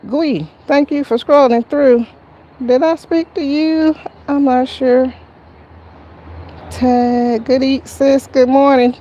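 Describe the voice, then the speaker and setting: A woman's voice: high-pitched, dark tone, highs cut off, a little hiss or hum. A woman hosting a live gardening stream, chatting casually with viewers and greeting them by name as she pots a plant outside. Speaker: gardening livestream host. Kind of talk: casual live-stream chat while potting. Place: outdoor garden near a road.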